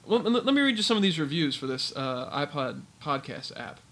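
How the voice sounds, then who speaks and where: A man's voice: on the high side, a little fast. A man co-hosting a podcast, chatting casually and ranting with lots of fillers. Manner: ranting, animated, filler-heavy. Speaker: podcast co-host. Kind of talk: casual chat.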